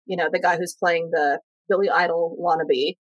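A woman's voice: fairly low pitch, steady tone, normal speed, no room sound, lo-fi sound. An American woman with an American accent in a casual, playful chat who likes to act out what others say. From United States.

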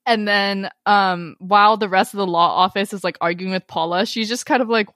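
Woman co-host, easygoing recap voice, mid pitch, dry close sound. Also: moderate pace, no room sound. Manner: relaxed, filler-heavy storytelling. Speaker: podcast co-host. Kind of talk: casual chat recapping a TV show.

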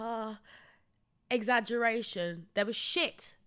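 A woman's voice: fairly high pitch, slow pace, fairly bright tone, clean tone. A British woman hosting a podcast, telling a comic story in a blunt, sweary, self-deprecating way. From Britain. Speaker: podcast host.

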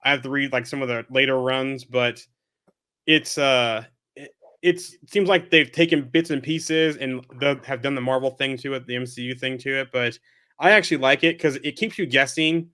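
A man chatting on a podcast, halting and hesitant with fillers. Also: mid-range voice, sharp tone, smooth. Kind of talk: casual chat.

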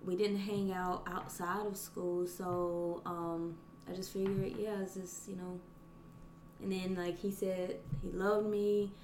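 A woman's voice: lowish voice, flat delivery, slow pace, darkish tone, slight background noise. A woman talking in a hesitant, reflective way, laughing often, in a casual podcast conversation. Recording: roomy echo.

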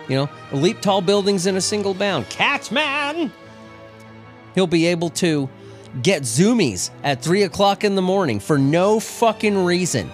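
A man hosting a podcast in casual, crude, joking chat, recovering from an illness and prone to coughing fits. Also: on the high side. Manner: lively, crude, joking, laughs a lot. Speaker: podcast host.

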